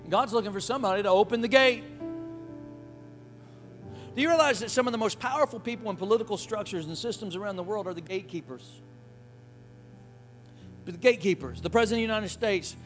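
A man with a notably high voice preaching a sermon, rising to shouted hallelujahs and calling for the congregation's response. His phrasing is folksy and colloquial. Faint music plays softly behind him. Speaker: pastor.

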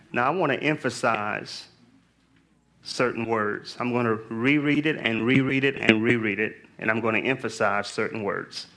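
A man's voice: medium pitch, normal speed, a crowd in the background. A male pastor preaching in a church, emphatic and rhythmic, drawing out words and leading his congregation in call and response.

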